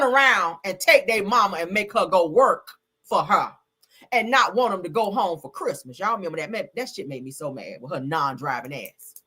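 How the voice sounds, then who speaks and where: A woman hosting a livestream, reading news aloud and reacting in a sassy, animated way, swearing and calling her viewers baby and girl. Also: fairly low pitch, normal speed, husky. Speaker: livestream host. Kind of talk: casual news commentary and ranting.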